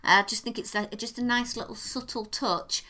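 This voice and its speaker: A woman's voice: a little high, steady tone, moderate pace, pushed and bright. A British woman co-hosting a podcast in casual chat, explaining things in a playful, emphatic way. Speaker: podcast co-host.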